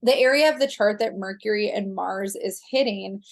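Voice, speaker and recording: A woman's voice: medium pitch, moderate pace. A woman astrologer talking through a monthly horoscope in a casual, rambling way with frequent fillers.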